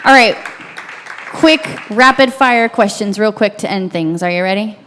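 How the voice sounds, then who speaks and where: A woman hosting an interview, chiming in with supportive quick interjections. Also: medium pitch, fairly bright tone, long reverb tail, slight background noise. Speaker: interview host. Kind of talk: casual interview.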